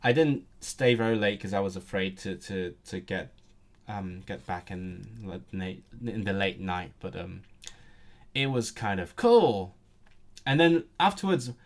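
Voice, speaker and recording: Brief young adult man, language streamer, rambly and self-interrupting, mid-range voice. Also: medium pitch. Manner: rambling, restarts often, thinks aloud. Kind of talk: casual livestream chat and reading aloud.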